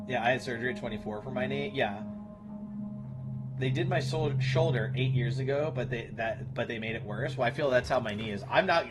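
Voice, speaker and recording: A man in his thirties chatting casually with his stream viewers in a blunt, profane way. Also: medium pitch. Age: 30s. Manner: blunt, profane, talks to chat. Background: music.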